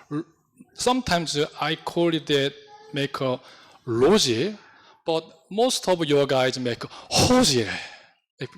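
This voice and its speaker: A man's voice: high voice, a bit bright. Man preaching, bouncy intonation, takes his time, telling a story in english. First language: Korean. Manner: storytelling with non-native English phrasing. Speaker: pastor. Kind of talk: sermon.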